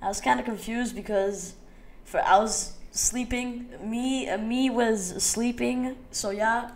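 Female YouTuber, unhurried, laughing, scornful drama commentary. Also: on the high side, a little mellow. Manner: rambling, laughing, mocking.

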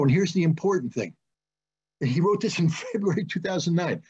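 A man's voice: fairly high pitch, expressive, a little fast, a little mellow, husky. A middle-aged man, a guest in an online discussion, explaining at length in an emphatic, insistent way and repeating his key points. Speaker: guest, former weapons inspector. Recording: muffled lo-fi online call audio.

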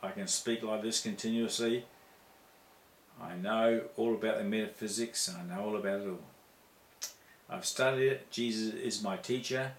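A man preaching an impassioned spiritual sermon into a handheld mic, rhythmic and repetitive, leaping to sudden high exclamations. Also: steady tone, a little slow, echoey room, a little hiss or hum.

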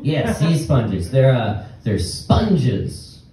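A young man doing a rambling stand-up set with halting restarts and nervous laughs before a small live audience. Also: mid-range voice, very animated, dark tone. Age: young adult. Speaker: stand-up comedian. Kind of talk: open-mic stand-up set. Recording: very echoey room, distant mic, faint noise.

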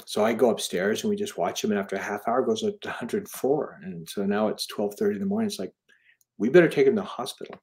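A man's voice: on the low side, a little mellow. Earnest middle-aged man telling a story. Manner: earnest, halting storyteller with many restarts and quoted dialogue. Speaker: author and interview guest. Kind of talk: personal storytelling in an interview.

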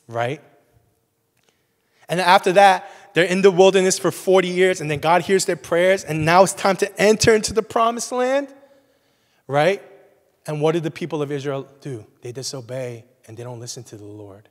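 A man's voice: high voice, normal speed. A young man preaching a sermon as a pastor in a conversational way, often checking in with "right?". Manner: conversational, frequent "right?" asides. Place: church sanctuary. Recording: long reverb of a church hall.

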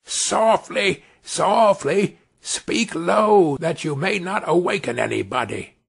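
Sly, furtive grown thieves, as a storyteller plays them, talking in a wary, hushed way. The voice is husky and slow, and its pitch moves around a lot. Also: male voice, animated, heavily acted.

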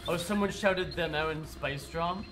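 A man's voice: a little high, moderate pace, music in the background. A man streaming a game live while sick, chatting to viewers and swearing at the game. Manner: swears and yells at the game, chats with chat. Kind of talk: live gameplay commentary.

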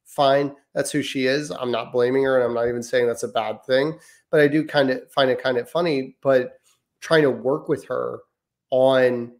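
A man co-hosting a parenting podcast, talking casually with a mid-pitched voice. He tells stories about his kids in a relaxed, wry way. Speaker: podcast co-host.

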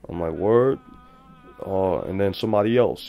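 A man's voice: low-pitched, unhurried, gravelly, warm tone. A man, a street photographer, telling a story in a documentary voice-over, talking casually in street slang and retelling what people said.

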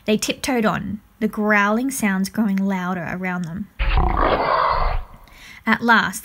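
A woman reads a children's adventure story aloud at a mid-range pitch. Her narration is calm and even, carrying the listener from scene to scene. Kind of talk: reading a children's book aloud.

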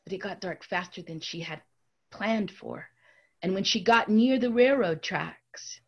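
A woman storyteller telling a story to an audience, swinging between bright raised tones and hushed near-whispers and speaking to listeners directly. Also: fairly low pitch, slow pace, dull audio. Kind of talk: oral storytelling lecture.

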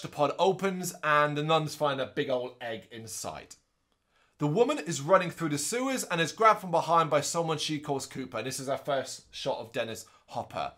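A man co-hosting a podcast, chatting casually and recapping a movie in an animated way, with quick asides in put-on voices. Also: a little high. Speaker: podcast co-host. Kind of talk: casual movie review chat.

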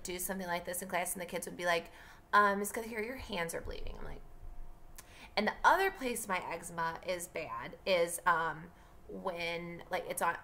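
A woman's voice: lowish voice, creaky, pushed and bright. A young woman teacher reading a novel aloud and chatting casually to her students between passages. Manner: chatty, filler-heavy asides. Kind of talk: audiobook reading with classroom asides.

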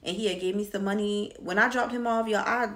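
A woman's voice: mid-range voice, fairly even intonation, brisk. A young woman, a vlogger, telling a candid, slangy story time, swearing freely as she goes. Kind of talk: casual storytime.

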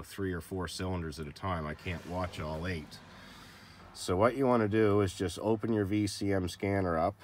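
A man's voice: low-pitched, a little mellow, no echo. A man hosting a casual how-to video, explaining a repair in a laid-back, rambling, plain-spoken way. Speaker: channel host showing car diagnostics.

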